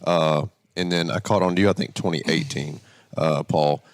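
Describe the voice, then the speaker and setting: A man guest on a podcast, relaxed in casual chat and often chiming in to agree. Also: a bass voice, moderate pace, no echo, clean studio sound.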